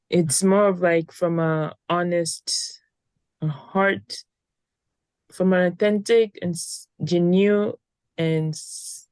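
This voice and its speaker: A woman's voice: lowish voice, darkish tone, clear, resonant tone, dry recording. A young woman in her twenties co-hosting a casual podcast, a little tired and rambling, with frequent restarts. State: tired, yawning. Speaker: podcast co-host.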